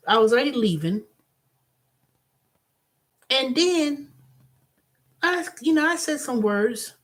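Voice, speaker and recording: A woman hosting her own channel, telling a story in a casual, animated monologue with blunt, profane language. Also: high-pitched, slow, pauses often. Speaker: host.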